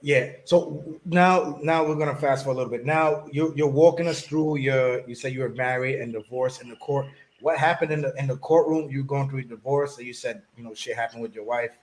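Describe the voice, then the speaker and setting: A man's voice: medium pitch, fairly quick, hardly any pauses, poor audio. A man hosting a casual interview, prompting his guest to tell more.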